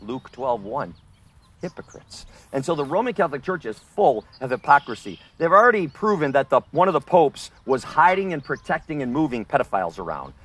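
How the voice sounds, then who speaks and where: A man in mid-pitch voice preaches outdoors in a confrontational style. He rebukes his listeners forcefully, then drops to low, hushed tones to make a point. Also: big pitch swings, brisk, few pauses, slightly rough. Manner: forceful, rebuking, swings between loud accusations and low near-whispers. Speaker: street preacher.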